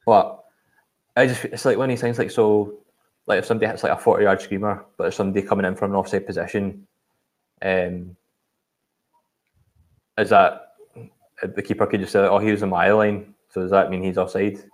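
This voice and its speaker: Rambling Scottish man, low voice. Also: flat delivery, a little fast, long pauses. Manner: rambling, hesitant, with many fillers. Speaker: podcast co-host. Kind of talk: casual football chat.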